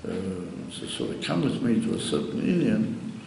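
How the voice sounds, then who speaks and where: A rabbi tells stories to a gathering in a gravelly, mid-pitched voice that wanders and often restarts. He is picked up from across an echoing hall with a long reverb tail. Faint room noise sits underneath. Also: very animated, warm tone. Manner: halting, meandering storyteller with many restarts. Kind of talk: storytelling talk to a gathering. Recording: echoey hall recorded from far off.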